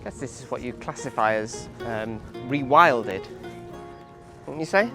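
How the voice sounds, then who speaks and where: An English man with a medium voice that moves around a lot in pitch, bantering drily outdoors on a walk. Faint music sits under the recording. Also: lively intonation, measured pace. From England. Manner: jokey, dry banter. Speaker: travel vlogger. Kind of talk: casual chat on a walk.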